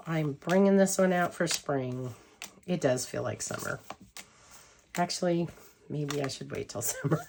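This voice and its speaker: Giggly low-voiced woman gushing. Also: a little mellow, slight background noise. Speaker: tarot deck reviewer. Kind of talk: casual chat to camera.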